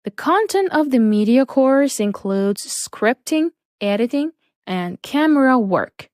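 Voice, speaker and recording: A woman teaching a lesson, reading out words and example sentences slowly and deliberately. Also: high voice, animated, darkish tone, no echo, clean studio sound. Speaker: English teacher. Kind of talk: slow, careful English lesson.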